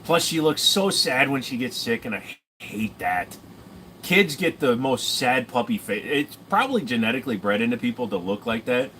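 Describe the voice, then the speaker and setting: A man's voice: medium pitch, big pitch swings, normal speed, bright, forceful tone, slight background noise. A young man casually answering chat on a stream, rambling and cracking profane jokes.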